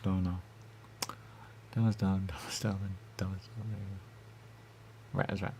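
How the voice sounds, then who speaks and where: A man rambling in a goofy comic back-and-forth with himself, answering his own questions and dropping into hushed asides. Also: deep voice, flat delivery, normal speed, slight background noise. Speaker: radio show personality.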